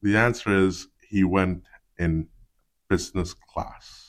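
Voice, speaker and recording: Low-voiced councillor, halting with fillers. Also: male voice. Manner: hesitant, heavy fillers, then firm. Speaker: city councillor, podcast guest. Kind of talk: casual chat.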